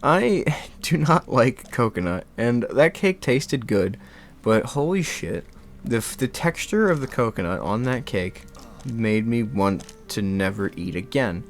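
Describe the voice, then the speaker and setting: A young man vlogging in a rambling, animated casual chat, laughing and swearing now and then. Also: mid-range voice, measured pace, slight background noise.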